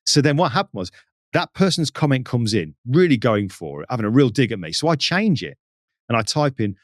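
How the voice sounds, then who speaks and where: Man, podcast guest, animated storyteller, very lively pitch, dry close sound. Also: a little fast, no room sound. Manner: lively, acts out the people in his stories. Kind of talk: animated anecdote telling.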